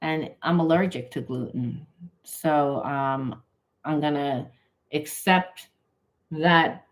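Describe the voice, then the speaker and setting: A woman doing a spiritual card reading, talking emphatically and acting out imagined dialogue between partners. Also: deep voice. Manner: repeats phrases for emphasis, loose run-on talk. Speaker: tarot reader.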